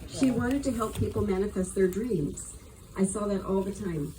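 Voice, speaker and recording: A woman's voice: mid-range voice, normal speed, warm tone, a little hiss or hum, rough recording. A woman giving an earnest, affectionate memorial tribute at a gathering. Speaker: eulogy speaker.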